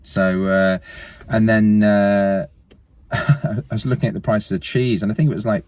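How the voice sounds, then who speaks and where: Deep-voiced laid-back guest. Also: male voice, fairly even intonation, a little slow, darkish tone, dry recording. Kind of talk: casual chat.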